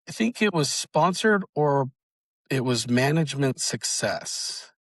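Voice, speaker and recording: A young man being interviewed about his family's auto repair shop, telling the story in a halting way with many restarts. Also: medium pitch, no echo. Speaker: guest, auto shop owner's son.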